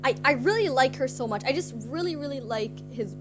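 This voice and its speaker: A young woman streamer with a high, expressive voice tells her chat a story at a slightly quick pace. She rambles, leans heavily on "like" as a filler, and comes across giggly and self-conscious. Guitar music plays behind her.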